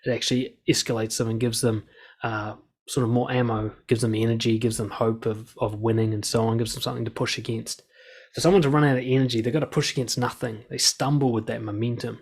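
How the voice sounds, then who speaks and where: A man with a gravelly, slightly husky voice gives blunt, direct advice and swears freely. He talks straight to the listener and acts out quoted lines as he goes. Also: mid-range voice, brisk, darkish tone. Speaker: dating and confidence coach.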